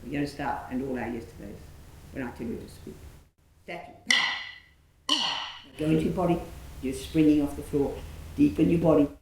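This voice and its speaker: A woman theatre director coaching actors through a rehearsal, enthusiastic and calling out sharp commands. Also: normal speed, pauses often. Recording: echoey room, faint rumble.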